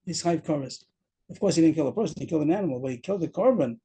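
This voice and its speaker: Talking rapid-fire and animated, a man leads a daf yomi Talmud lesson on a video call with heavy background noise. His fairly high voice walks through each step, repeating words and dropping in Aramaic terms.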